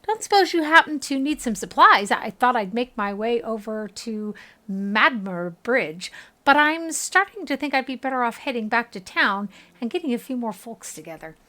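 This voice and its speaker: A woman's voice: a little high, animated, moderate pace, sharp tone. A woman voicing a polite, nervous male traveler in a fantasy game, with a German accent. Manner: polite, nervous, old-fashioned speech.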